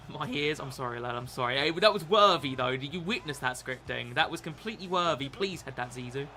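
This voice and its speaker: A young British man streaming a football game, swearing, self-mocking and excitable. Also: mid-range voice, a little fast, a little hiss or hum. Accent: British English. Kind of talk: gaming live stream commentary.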